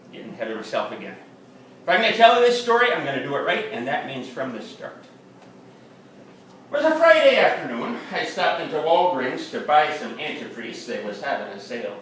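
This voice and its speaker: At a live reading in a bar's upstairs room, a man plays a boastful, folksy Wisconsin fisherman, spinning a comic tall tale in ungrammatical backwoods talk. His bright voice sits on the high side with big pitch swings and a slightly fast pace, while the echoey room, distant mic, and slight background noise color the sound.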